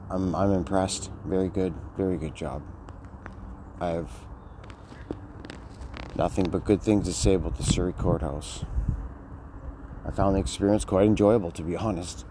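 A man talking in a rambling, slangy monologue, tossing in "dude" a lot as he vlogs. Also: low voice. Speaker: vlogger. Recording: outdoor street noise.

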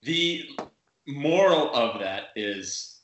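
A man's voice: medium pitch, animated, very slow, a bit bright, very echoey. A man chatting casually and making dry jokes. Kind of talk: casual chat.

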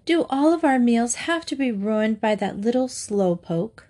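A woman's voice: fairly high pitch, lively intonation, unhurried, dark tone, pitched above the performer's own voice. Brief: woman voicing a bossy eleven-year-old girl, scornful.

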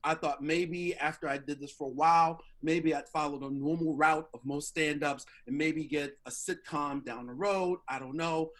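A middle-aged man telling a story in an interview, lively and acting out the voices of the people he quotes. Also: fairly high pitch, normal speed, hardly any pauses. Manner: animated, acts out quoted voices. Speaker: interview guest. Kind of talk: casual storytelling.

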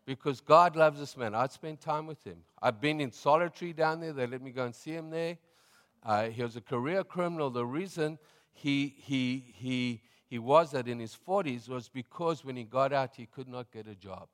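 A middle-aged man with a South African accent, a pastor preaching a sermon and telling stories in a relaxed, chatty way, laughing often. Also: mid-range voice, moderate pace, in a large hall. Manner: conversational storytelling, laughing often.

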